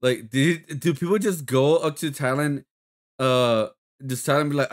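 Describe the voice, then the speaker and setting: A man's voice: a little high, moderate pace. Casual, profane male streamer. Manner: loose, profane, laughing reactions.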